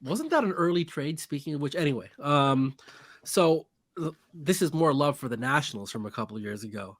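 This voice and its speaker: A man co-hosting a podcast in casual chat, animated and wry. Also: on the high side, brisk, dry recording. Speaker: podcast co-host.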